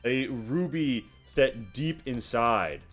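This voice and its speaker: A man narrating a tabletop role-playing game as game master, telling the scene in a halting way with many fillers and restarts. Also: mid-range voice, lively intonation, fairly bright tone, faint music behind.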